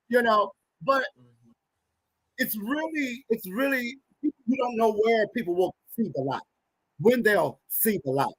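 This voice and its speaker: Thirties male guest, bright husky voice, emphatic storyteller, dry close sound. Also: very high voice, lively intonation, measured pace, dry recording, low-quality recording. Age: 30s. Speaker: podcast guest. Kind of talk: personal storytelling in an interview.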